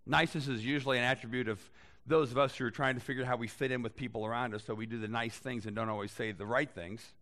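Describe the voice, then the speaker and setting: A man preaching a sermon in a conversational way, reading scripture aloud and adding lively asides to his listeners. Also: mid-range voice, fast talker. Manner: conversational, animated Bible reading with voiced asides. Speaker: pastor.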